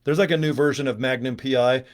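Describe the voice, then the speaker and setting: Casting note: man, casual rambling livestream host, jokey and digressive, mid-pitched everyday voice. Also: steady tone, fast. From United States. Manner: chatty, digressive, joking. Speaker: network marketing trainer. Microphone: webcam or phone on a live stream.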